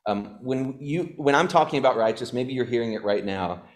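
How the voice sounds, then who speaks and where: A man's voice: mid-range voice, expressive, a little fast. A man preaching a sermon as pastor, earnest, repeating key phrases, with frequent fillers. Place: church.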